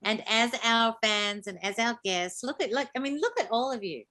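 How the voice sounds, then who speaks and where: A woman's voice: fairly high pitch, animated, normal speed, bright, forceful tone. A woman co-hosting a panel show, chatting in a playful, teasing way. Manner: teasing, laughing. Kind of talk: playful chat.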